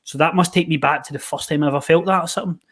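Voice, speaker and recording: Rapid-fire delivery in a voice on the high side marks this Scottish podcast host and personal trainer. His casual talk drifts into rambling, energetic tales loaded with fillers.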